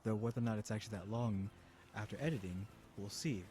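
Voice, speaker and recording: A man's voice: lowish voice, fast talker, dark tone, slight background noise. Rambling young gamer guy. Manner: rambling and chatty, lots of fillers and restarts. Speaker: gaming YouTuber. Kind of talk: casual gameplay commentary.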